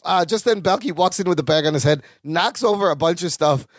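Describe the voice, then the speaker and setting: A man co-hosting a podcast, recapping sitcom scenes in animated casual chat and acting out the characters' lines. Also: sits high, brisk, no echo, studio quality. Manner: animated, acts out quoted lines. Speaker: podcast co-host.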